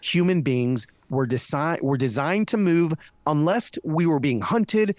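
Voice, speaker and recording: A man as an interview guest, talking in a casual, earnest and animated way with frequent restarts. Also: on the high side, measured pace, dry recording. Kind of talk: casual conversational storytelling. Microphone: studio mic.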